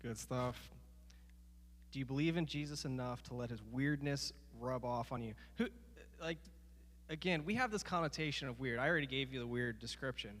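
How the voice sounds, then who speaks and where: A man's voice: mid-range voice, normal speed, fairly bright tone, long reverb tail, a little hiss or hum. A man preaching a sermon in a loose, conversational way, full of fillers and restarts. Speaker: pastor.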